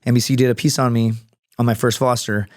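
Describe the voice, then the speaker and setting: A man's voice: mid-range voice, flat delivery, fast talker, dry recording, clean studio sound. A man talking as a podcast guest, in a casual, profane, storytelling manner. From United States. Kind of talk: casual interview chat.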